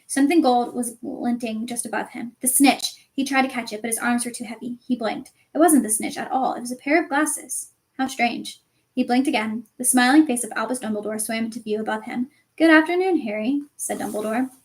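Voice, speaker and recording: Woman reading a story aloud, expressive. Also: fairly high pitch, fairly quick. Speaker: audiobook reader.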